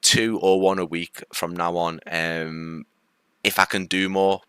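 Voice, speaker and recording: A man's voice: low-pitched, flat delivery, a little slow, sharp tone, smooth, dry recording, clean studio sound. A man with a light Liverpool accent, hosting a casual live stream, rambling chattily with many fillers and greeting viewers. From Liverpool, England. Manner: friendly, greets viewers and answers comments.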